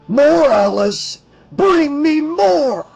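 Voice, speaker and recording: A man voicing a burned male dream killer who hisses and taunts in a drawn-out, sneering way. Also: very high voice, lively intonation, creaky, a little mellow, dull audio, faint music behind, pitched above the performer's own voice, full character voice. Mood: gleeful taunting.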